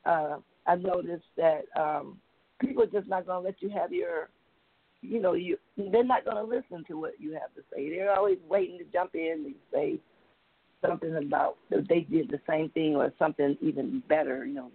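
A woman's voice: deep voice, breathy edge, dry recording. A woman calling in to an open-mic poetry radio show, chatty and laughing a lot as she talks. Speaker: caller reading a poem. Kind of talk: casual phone chat. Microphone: phone call. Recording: tinny phone line.

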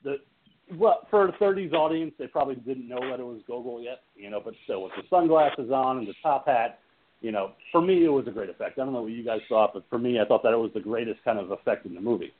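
A man's voice: medium pitch, quick pace, a little hiss or hum. A man co-hosting a horror movie podcast, talking casually and enthusiastically, rambling and laughing often. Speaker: podcast co-host. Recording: tinny phone-like audio.

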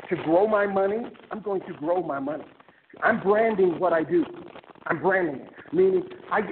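A man giving an animated motivational talk to a university class, joking with the audience and taking questions in a lecture room. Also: high voice. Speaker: guest speaker. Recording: tinny phone-like recording with noise.

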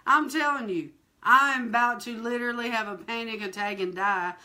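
A woman hosting a fireside chat, telling a personal testimony in a lively, colloquial way and talking straight to her listeners. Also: on the high side, brisk. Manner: animated, laughing, acts out quoted voices; colloquial, addresses listeners directly. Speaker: ministry host.

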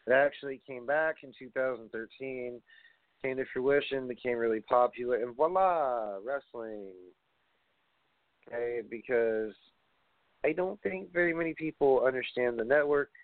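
This wrestling podcast host speaks at a moderate pace in a medium-pitched male voice. He rambles in a casual way, works through long lists, and throws in the occasional curse word, all over a thin, phone-like line with no echo.

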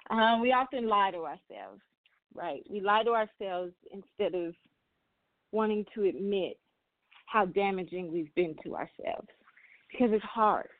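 A woman hosts a spiritual talk in a mid-range voice at a measured pace, speaking earnestly and often going back to repeat or restart her phrases. She's a spiritual reader and host, and the sound is dry and tinny, like a phone call.

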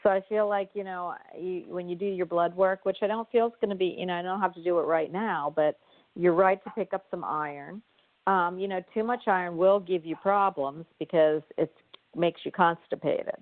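A woman's voice: lowish voice, steady tone, moderate pace, no echo. A woman hosting a call-in show and giving readings, rambling and repeating herself in casual chat. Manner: rambling, repeats herself, laughs mid-sentence. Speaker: radio host and psychic reader. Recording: tinny dry phone line.

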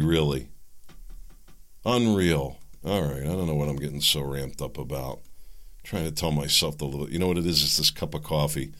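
Deep-voiced man ranting on politics. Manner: animated, gets worked up, sarcastic asides. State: jittery from coffee. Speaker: podcast host. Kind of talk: political commentary monologue.

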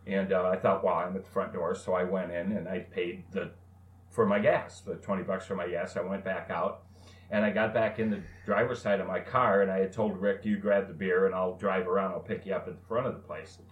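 A man co-hosting a casual talk show, telling a self-mocking story with many "uh" pauses. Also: low-pitched, steady tone, reverberant, lo-fi sound. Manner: rambling anecdote with many "uh" pauses. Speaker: co-host. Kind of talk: casual podcast chat, storytelling.

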